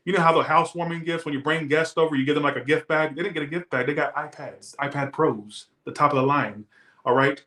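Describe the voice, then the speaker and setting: A man's voice: a little high, quick pace, sharp tone, reverberant. A man reading tarot who rants defensively and emphatically to his viewers in casual talk. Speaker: tarot reader.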